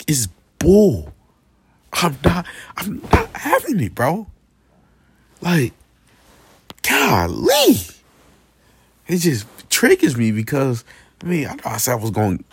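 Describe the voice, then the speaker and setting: With a mid-range voice and a breathy edge, recorded with no echo, a young vlogger rants casually to camera. He's slangy, aggrieved and repetitive, regularly asking "you feel me."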